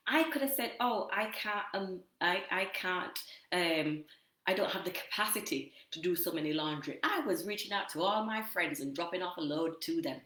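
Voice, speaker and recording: An energetic woman with a British Jamaican accent gives a motivational business talk, speaking straight to her viewers. Her voice sits a little low, and she drives her points home by repeating them. The room around her is noticeably echoey. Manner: energetic, emphatic and repetitive, addressing viewers directly. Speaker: business coach.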